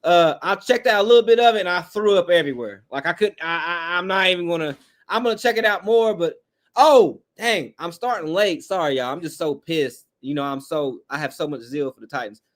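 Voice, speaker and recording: A man's voice: sits high, fairly quick. A man hosting a live fan call-in show, talking bluntly and profanely while reading chat comments. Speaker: podcast host.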